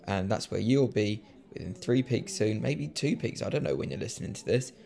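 A man's voice: fairly low pitch, animated, moderate pace, gravelly, dark tone. A man hosting a casual podcast, jokey and self-mocking as he introduces clips. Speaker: podcast host.

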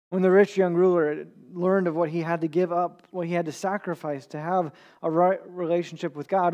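Earnest and conversational, a man with a high, slightly mellow voice delivers a sermon as a pastor. He occasionally trips up, making small restarts and repeating words as he collects his thoughts.

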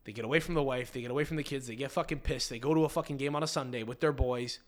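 A man's voice: mid-range voice, very fast. Young male podcast host, profane and rambling, casual comic riffs, mid-range voice. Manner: crude, profane, rambling with many restarts. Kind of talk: casual comedic riffing.

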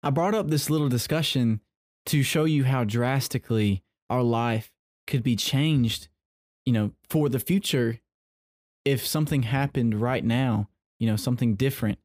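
A man's voice: medium pitch, a little mellow, no echo, clean studio sound. A man hosting a casual faith-based podcast, chatty and playfully teasing his listeners. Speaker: podcast host.

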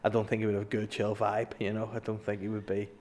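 A man's voice: fairly low pitch, completely flat delivery, fast talker, darkish tone. A young man with a Northern Irish accent, chatting casually and telling funny stories, swearing and laughing. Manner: storytelling, swears, acts out voices, laughs a lot. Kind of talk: casual comedic chat.

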